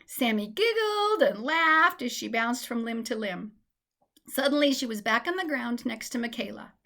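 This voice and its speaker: A woman narrates a children's story with a gentle, expressive delivery. Her voice sits a little high for a woman, and her reading is clear and steady. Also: normal speed.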